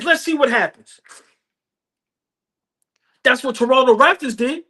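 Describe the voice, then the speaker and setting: A man's voice: extremely high pitch, expressive, a little slow, long pauses, pushed and bright. A man hosting a sports podcast, delivering a passionate, emphatic fan rant in profane, slangy street talk, often repeating lines for effect. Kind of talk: fan rant about basketball.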